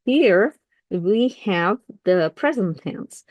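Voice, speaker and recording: A woman's voice: lowish voice, a little slow, warm tone, no room sound. A woman whose first language is Russian, teaching while reading aloud, thinking aloud with fillers and self-corrections.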